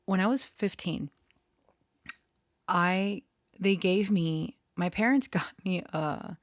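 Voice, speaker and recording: A woman with a lowish voice talks slowly, recorded dry at studio quality. A channeler and storyteller by trade, she wanders through a personal story in a casual monologue. Self-conscious and embarrassed, she giggles often and restarts her sentences, leaning heavily on fillers.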